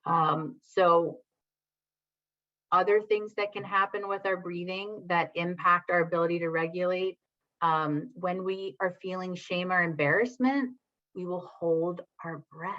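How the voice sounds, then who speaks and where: In dull-sounding audio, a woman with a lowish voice presents a parenting workshop over the internet. She addresses the people watching, works through their comments, and frequently tosses in "right?"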